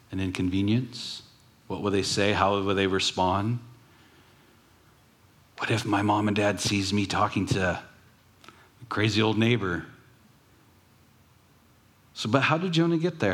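Earnest low-voiced male preacher. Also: fairly bright tone. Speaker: pastor. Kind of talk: sermon.

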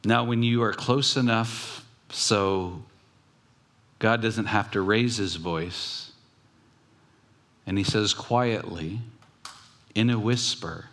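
A pastor giving a conversational sermon, telling stories with pauses and restarts. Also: male voice, on the low side, fairly bright tone.

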